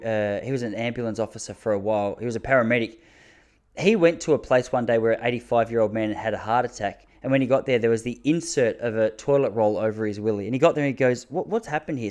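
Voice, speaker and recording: A man in his thirties, Australian-accented, medium in pitch and a little mellow, delivers a loose comic storytelling monologue full of crude, self-directed humor and laughter at his own jokes.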